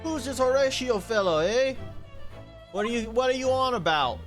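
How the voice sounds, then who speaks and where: A man's voice: very high-pitched, animated, normal speed, music in the background, pitched above the performer's own voice. A man voicing a short-tempered older male local, blustering and indignant.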